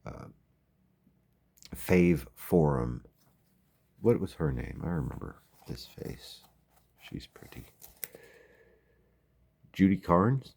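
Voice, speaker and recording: A man with a very low, gravelly voice talks through a casual late-night vlog at home. His tone is dark and husky, and he wanders along with wry asides. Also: sing-song, slow pace, long pauses. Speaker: vlogger. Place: home at night, windows open.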